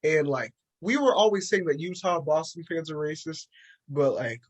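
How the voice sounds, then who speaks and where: A man co-hosting a casual podcast chat, animated and acting out quotes in a raised voice. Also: a little high, normal speed, slightly rough, dull audio. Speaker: podcast co-host.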